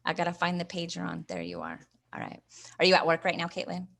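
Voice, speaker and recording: A woman's voice: fairly low pitch, big pitch swings, fast talker, creaky, fairly bright tone. A woman hosting a live online training, coaching viewers and reading their comments aloud in an encouraging way. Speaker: host and investing coach.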